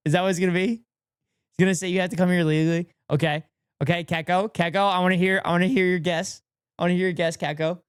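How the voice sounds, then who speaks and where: Male streamer, excitable live reaction host, close dry mic. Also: high-pitched, fast, clean tone, no room sound. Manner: excitable, repeats phrases, laughs often. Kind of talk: casual reaction commentary to chat.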